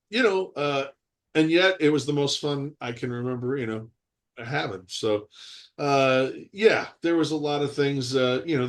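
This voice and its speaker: A man in his sixties, an actor being interviewed over a video call, telling stories in a rambling, animated way and laughing often. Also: medium pitch.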